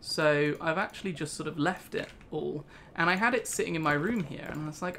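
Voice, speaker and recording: A young British man hosts a casual let's play video for his gaming channel, rambling through a story and laughing. His voice is slightly high, brisk, pushed, and bright, with a little hiss or hum in the recording.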